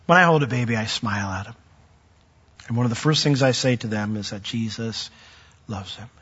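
A middle-aged man preaching from the pulpit, his voice bright and a little husky. He talks in a conversational way with touches of dry humor. The sound is muffled and lo-fi, with a long reverb from a large church hall. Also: medium pitch, brisk. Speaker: pastor. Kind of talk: sermon.

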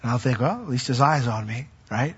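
A man preaching a sermon as pastor, chatting with the congregation in asides and building to loud, emphatic peaks when he reads scripture. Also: medium pitch, animated, fairly quick, husky, long reverb tail, muffled recording.

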